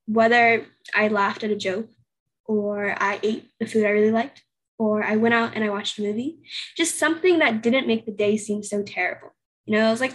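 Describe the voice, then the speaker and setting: An eighteen-year-old woman, a guest on a podcast, tells a casual story in a chatty interview conversation, full of fillers and acting out her own past thoughts. Her medium-pitched voice is steady in tone and moderately paced.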